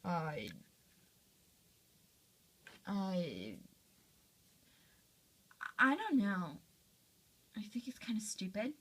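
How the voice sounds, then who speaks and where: A woman's voice: medium pitch, wildly swooping pitch, drawn-out words, long pauses, fairly bright tone, slightly rough, full character voice. A woman voicing a blunt teenage girl who brushes things off and repeats herself. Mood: scornful. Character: blunt, irritated teen girl.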